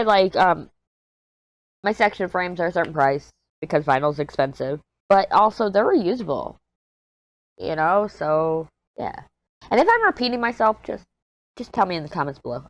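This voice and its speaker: A woman in her thirties talks casually to her viewers while she works on a craft project, rambling from topic to topic and joking candidly. Her voice sits low but bounces around a lot in pitch. The sound is close and dry, with no room around it. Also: dry recording. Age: 30s. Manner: rambling, easily sidetracked, candid and jokey. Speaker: crafting vlogger. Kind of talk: casual chat while diamond painting.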